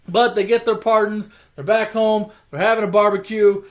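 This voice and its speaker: A man's voice: high-pitched, fairly even intonation, moderate pace. A young man casually retelling an action movie plot in a rambling, profane way, mocking the characters as he goes. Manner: rambling, swears constantly, mocking voices for characters. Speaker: storyteller retelling movie plots.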